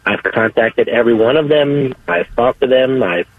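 A man calling in to give a testimony, speaking haltingly and repeating his words. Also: mid-range voice, no echo. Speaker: caller. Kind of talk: phone-in testimony. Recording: tinny dry phone line.

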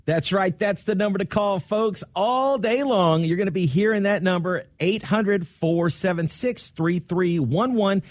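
A man hosting a radio fundraising drive, earnestly urging listeners to call and repeating the phone number slowly. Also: sits high, no room sound, studio quality. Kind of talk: radio pledge drive appeal.

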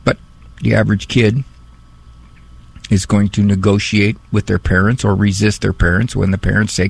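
A man hosting a radio call-in show, talking in a wry, musing way with drawn-out phrasing, close on a studio mic. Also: lowish voice, flat delivery, gravelly, slightly rough. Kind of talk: conversational radio talk. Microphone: studio microphone.

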